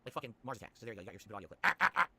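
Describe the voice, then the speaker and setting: Fast-talking bright-voiced male streamer. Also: on the low side, breathy edge, dry recording. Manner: rambling, reads chat and shout-outs, swears. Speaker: streamer host. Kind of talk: casual livestream chat.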